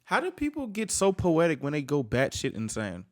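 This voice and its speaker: A man's voice: a little high, huge pitch swings, normal speed. A man hosting a reaction video, reacting in exasperated, profane, slangy outbursts. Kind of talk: casual reaction commentary.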